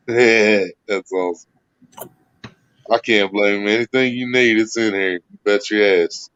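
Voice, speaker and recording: A man's voice: fairly low pitch, steady tone, normal speed, fairly bright tone, clean tone, no room sound. A man hosting a livestream, chatting casually and swearing freely as he talks to chat and a friend. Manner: profane, laid-back banter. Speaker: livestream host. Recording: dull, dry lo-fi stream audio.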